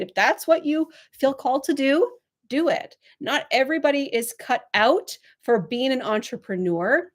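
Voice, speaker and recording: High-voiced woman coaching with effusive energy. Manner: effusive, encouraging, speaks directly to viewers. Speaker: spiritual business coach. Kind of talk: live channeling and coaching session.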